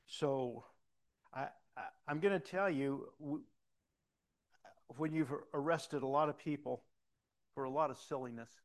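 A man's voice: medium pitch, unhurried, long pauses. A middle-aged man preaching a sermon, telling personal stories with many restarts and rising to emphatic calls to the congregation. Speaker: pastor.

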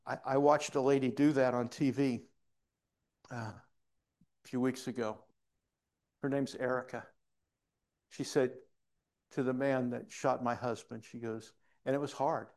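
A man's voice: medium pitch, fairly even intonation, unhurried, pauses often, a little mellow. A male pastor preaching a sermon in a church, telling a story earnestly with frequent restarts.

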